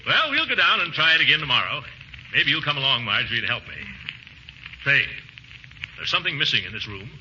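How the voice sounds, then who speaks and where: An actor playing a pompous, easily flustered middle-aged uncle, blustering in 1940s radio comedy style, with sudden high whoops. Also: male voice, sing-song, fairly quick, long pauses, pushed and bright. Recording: scratchy dull 1940s radio broadcast with faint hiss.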